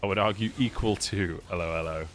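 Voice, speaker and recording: A man with a British accent casting a live esports match on a casual co-stream, excitable and swearing freely. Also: low voice, brisk, a little hiss or hum. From United Kingdom. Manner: excitable, swears freely, laughs between plays. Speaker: esports caster.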